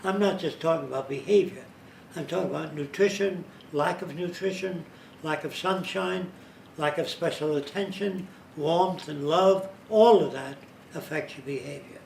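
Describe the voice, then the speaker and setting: His voice leans high, a little mellow and creaky, at a normal speed. Giving an informal talk, he lays out his point one step at a time and sometimes imitates how others speak, captured by a faraway mic in a roomy space with slight hiss.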